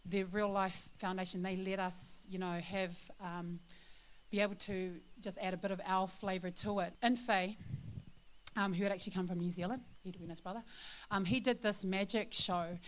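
A woman's voice: medium pitch, steady tone, moderate pace, a little hiss or hum. Chatty woman sharing a church testimony. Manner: chatty, laughing storyteller with many fillers; earnest and confiding. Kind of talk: testimony to a congregation.

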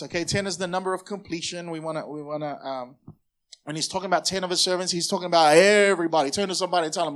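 A pastor with a high, bright-pitched voice delivers a lively sermon. He talks straight to the congregation and has them repeat his words back to him. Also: fast. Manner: energetic, calls on the congregation to repeat phrases.

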